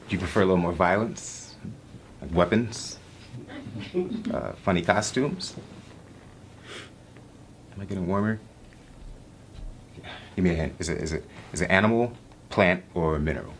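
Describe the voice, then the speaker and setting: A man's voice: low-pitched, unhurried, long pauses. A young acting student playing an exasperated young man who pleads with his moody girlfriend in a stage scene. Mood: coaxing. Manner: flustered, pleading, wry. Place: classroom stage. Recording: noisy room ambience.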